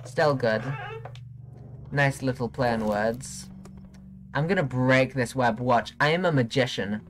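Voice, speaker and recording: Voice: mid-range voice, unhurried. A streamer chatting casually during gameplay, playful and giggly, teasing chat.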